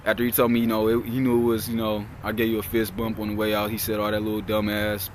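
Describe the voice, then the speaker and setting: A man's voice: on the low side, completely flat delivery, fast talker, slight background noise. A young man vlogging outdoors, retelling a work story in a heated, profane, rambling way. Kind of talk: casual storytelling.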